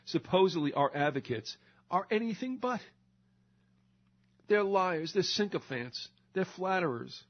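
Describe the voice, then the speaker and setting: A man's voice: fairly high pitch, breathy edge. Older man ranting sarcastically, lo-fi. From United States. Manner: sarcastic, ranting, mocking impressions. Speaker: radio show host. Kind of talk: ranting monologue. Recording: slightly dull lo-fi recording.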